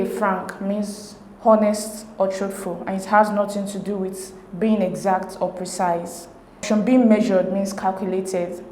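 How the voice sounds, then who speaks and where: A woman's voice: medium pitch, darkish tone. Methodical woman tutor, roomy echo. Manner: measured, methodical reading of options. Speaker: exam tutor. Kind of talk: explaining exam answers. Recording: roomy echo with faint hiss.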